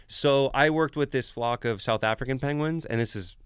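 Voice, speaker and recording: Animated male storyteller, smooth clear voice. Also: mid-range voice, normal speed, no room sound, clean studio sound. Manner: animated storyteller, laughs often, acts out quoted people. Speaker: guest wildlife expert. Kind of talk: casual podcast storytelling.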